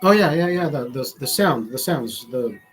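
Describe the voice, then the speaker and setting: A man's voice: medium pitch, animated, normal speed, soft background music, poor audio. A man, a father, hosting a show from a studio, telling stories in a loose, profane, rambling way with lots of restarts. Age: adult, father. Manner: profane, restarts often, storytelling. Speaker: show host. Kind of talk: casual rambling chat.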